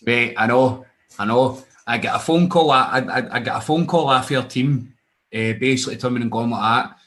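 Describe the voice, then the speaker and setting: Lively Scottish man telling a wild story. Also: mid-range voice, moderate pace. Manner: animated, swearing, acts out other voices in his anecdotes. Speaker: guest wrestler. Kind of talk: casual storytelling chat.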